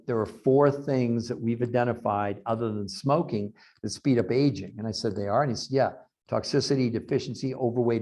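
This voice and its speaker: A man who researches health, telling long anecdotes in an interview over a video call, acting out quoted lines. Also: medium pitch. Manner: animated anecdotes with acted-out quotes. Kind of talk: storytelling in an interview.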